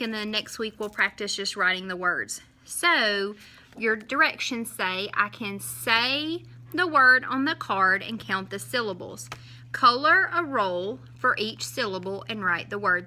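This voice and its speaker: A woman teacher, talking young children through a lesson in a slow, sing-song way and stretching out each syllable when she counts. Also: mid-range voice, bright, forceful tone.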